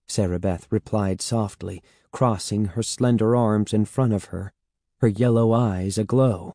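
Slow, measured man narrating a story. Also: on the low side, steady tone, mellow, dry recording, studio quality. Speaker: audiobook narrator. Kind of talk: scripted narration.

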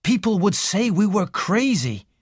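An audiobook reader voicing a tense young man who speaks with urgent, bitter insistence, pitched higher than the reader's own voice and very lively. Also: slow pace, no echo, clean studio sound.

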